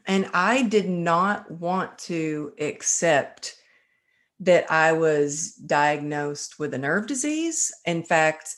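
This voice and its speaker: A woman guest telling a personal story with feeling, acting out the voices of the people in it. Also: lowish voice. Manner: animated, emotional, acts out quoted dialogue.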